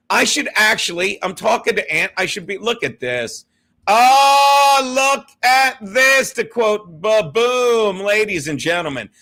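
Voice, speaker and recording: Brash, bright-voiced man hosting a stream. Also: high-pitched. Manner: brash, profane, laughing, ball-busting banter. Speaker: host. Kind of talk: casual livestream chat.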